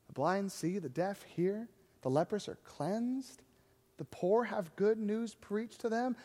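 A man with a very high voice preaches as a pastor, easy and conversational, and he acts out the people in the story as he tells it. His words ring out with a long reverb, as if in a large hall. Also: dark tone. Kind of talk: sermon.

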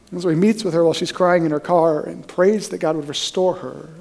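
A man's voice: fairly even intonation, fast talker, creaky, hardly any pauses, a little mellow, a little hiss or hum. A young adult man preaching a sermon as pastor, telling stories and acting out the voices he quotes. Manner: storytelling, acts out quoted voices with rising pitch.

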